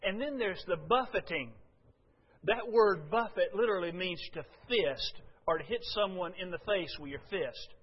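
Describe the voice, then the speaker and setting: High-voiced preacher in a reverberant hall. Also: male voice, moderate pace, husky. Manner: impassioned, rising loud when quoting Jesus. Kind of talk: sermon. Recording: dull lo-fi sound with long hall reverb.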